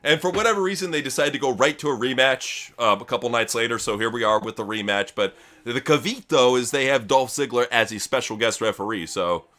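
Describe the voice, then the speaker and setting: A man's voice: medium pitch, a little fast, few pauses, a bit bright. A man co-hosting a casual live reaction chat, mocking and swearing freely. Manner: crude, mocking, profane. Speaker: host.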